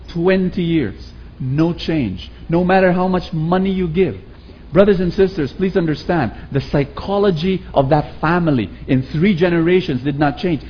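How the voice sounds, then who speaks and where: A man preaching a sermon with a Filipino accent, animated and calling on the audience to repeat after him. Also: fairly high pitch, lo-fi sound, a little hiss or hum. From Philippines. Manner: animated, acts out quoted voices, calls for audience response.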